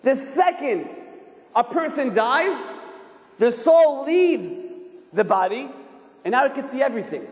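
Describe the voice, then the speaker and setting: A man giving a sermon as a rabbi, animated and firing rhetorical questions at his listeners. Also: very high voice, measured pace, long pauses. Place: synagogue hall. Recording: echoey hall, long reverb.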